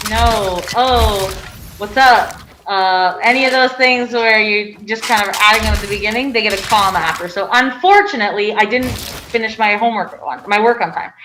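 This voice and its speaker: Woman teaching over a noisy video call. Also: mid-range voice. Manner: coaxing, quizzes students with questions. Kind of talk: online grammar lesson.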